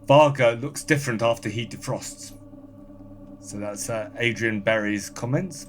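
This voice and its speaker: A man appearing as a podcast guest in casual chat, reading listener comments aloud in a brisk, dry, offhand way. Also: mid-range voice, soft background music.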